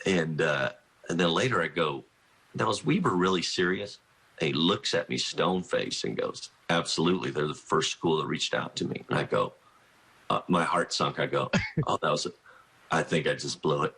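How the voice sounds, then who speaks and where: Guest spot: middle-aged coach, deep husky voice, rambling storyteller who keeps restarting. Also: male voice, moderate pace, pushed and bright. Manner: rambling, self-interrupting, laughs through anecdotes. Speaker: college basketball coach, guest. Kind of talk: phone-in radio interview, storytelling.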